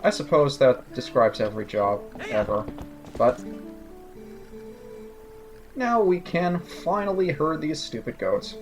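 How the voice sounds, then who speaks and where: A man's voice: on the high side, expressive, slow pace, long pauses, soft background music. A man giving casual, sarcastic commentary over a video game playthrough. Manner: sarcastic, joking asides. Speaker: let's play commentator.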